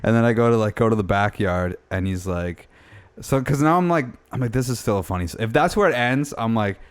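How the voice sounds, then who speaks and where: A man's voice: on the low side, fairly quick, smooth. A young man casually telling a story on a podcast, acting out both sides of the talk and swearing freely. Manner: animated storyteller, swears a lot, acts out quotes. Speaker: podcast co-host.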